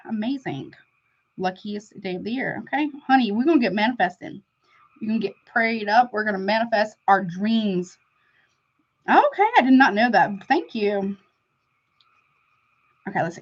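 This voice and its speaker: A woman's voice: on the high side, highs cut off. A woman tarot reader chatting casually on a live stream, affectionate and talkative, calling her viewers honey.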